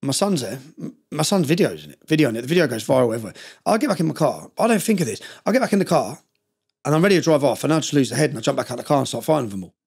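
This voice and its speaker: A man's voice: mid-range voice, big pitch swings, very fast, creaky, darkish tone, breathy edge. A middle-aged man telling personal stories as a podcast guest, emotional and blunt, swearing often. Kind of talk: candid personal storytelling.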